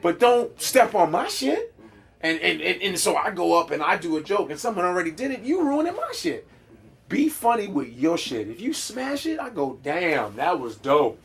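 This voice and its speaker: A stand-up comedian man talking in a casual interview, with a voice pitched a little high for a man. He tells stories in an emphatic, animated way, heavy on street slang and swearing. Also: normal speed, gravelly.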